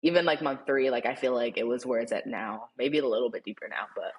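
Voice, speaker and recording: A young man, a podcast guest, telling a story in casual chat, animated and laughing often, with lots of "like". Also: mid-range voice, fast. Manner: animated, laughing, heavy use of "like".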